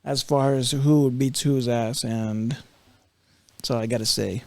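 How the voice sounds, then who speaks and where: A man's voice: medium pitch, steady tone, measured pace, gravelly, no echo. A man co-hosting a casual podcast, joking around, teasing his co-host and swearing freely. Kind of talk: casual chat.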